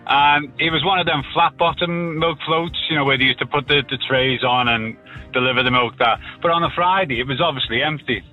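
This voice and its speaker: A man's voice: fairly high pitch, a little fast, dull audio, soft background music. A middle-aged man calling in to a radio show and telling a story in a plain, matter-of-fact way. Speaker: caller.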